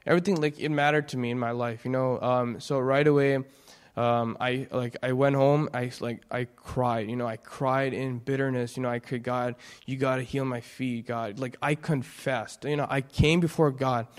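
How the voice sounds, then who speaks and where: A young man giving an earnest, halting personal testimony in church, full of restarts. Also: medium pitch, fairly even intonation. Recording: long hall reverb.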